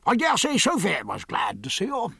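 A man reading as a loud, coarse elderly general. His brusque, scoffing voice leaps high in a lively, swooping way, and the sound is close and dry. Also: normal speed, gravelly, breathy edge, dry recording, full character voice. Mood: blustering.

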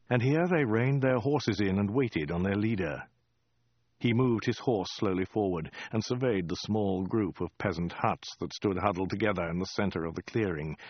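Guy reading a funny story, deadpan, lots of ups and downs, low voice, dull dry sound. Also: dry recording. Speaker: narrator. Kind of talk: audiobook reading.

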